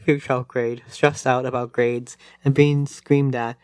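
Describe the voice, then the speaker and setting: A man co-hosting a podcast, reading a story aloud in a plain, steady way. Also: medium pitch, measured pace, clear, resonant tone, dry recording. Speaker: podcast co-host.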